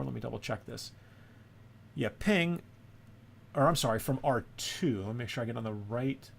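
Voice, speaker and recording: A course instructor teaches a screen-recorded networking lesson, thinking out loud and often checking in with "right?". His voice is fairly high-pitched with vocal fry.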